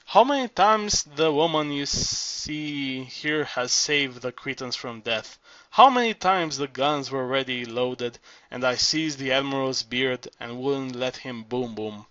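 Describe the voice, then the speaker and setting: A man's voice: medium pitch, lively intonation, a little slow, pushed and bright, no echo. A male audiobook reader voicing an aging, vain former cabaret singer who boasts theatrically, on a dull, dry recording. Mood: boastful.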